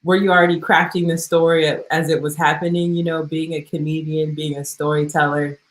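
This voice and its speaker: A woman's voice: low-pitched, flat delivery, a little fast, rough recording. A woman hosting a casual interview, upbeat and laughing often as she chats with her guest. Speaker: host.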